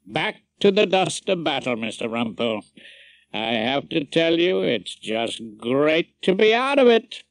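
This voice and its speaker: A man voicing a bulky, genial middle-aged American law professor with a courteous, flattering, drawn-out way of speaking. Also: on the high side, no room sound. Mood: affable.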